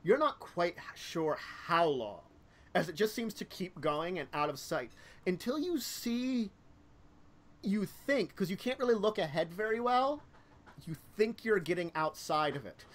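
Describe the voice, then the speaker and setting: A man's voice: sits high, sing-song, unhurried, a bit bright. A man narrating a tabletop game as game master, rambling with many fillers and self-corrections.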